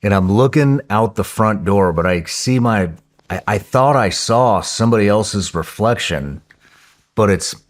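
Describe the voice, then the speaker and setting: A man telling a story in a podcast interview in a casual, profane, excitable way, often restarting his sentences. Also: lowish voice, a little slow.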